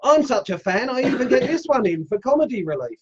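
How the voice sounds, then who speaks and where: A man's voice: very high voice, big pitch swings, brisk, a little mellow, breathy edge, dull audio. A middle-aged man hosting a casual live stream, joking and greeting viewers by name. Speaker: livestream host.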